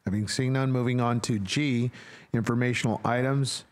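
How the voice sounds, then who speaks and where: A man's voice: medium pitch, steady tone, normal speed. A man presiding over a public board meeting, moving through agenda items in a procedural way, with frequent fillers.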